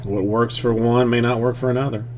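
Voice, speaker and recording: A man's voice: medium pitch, level tone, fairly quick, a little mellow. A man co-hosting a casual sports talk show, rambling and hesitant with many restarts.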